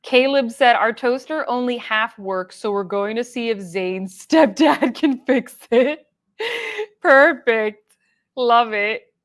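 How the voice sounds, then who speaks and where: A woman's voice: a little high, takes it slowly. A young adult woman hosting a casual livestream, chatting loosely and reading viewer comments aloud with plenty of fillers. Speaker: livestream host.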